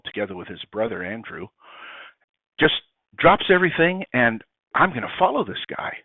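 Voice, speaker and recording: A priest telling a story in a lively way, acting out the dialogue. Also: male voice, mid-range voice, no room sound. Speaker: priest guest. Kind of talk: animated conversational reflection. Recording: tinny phone-like sound, dry.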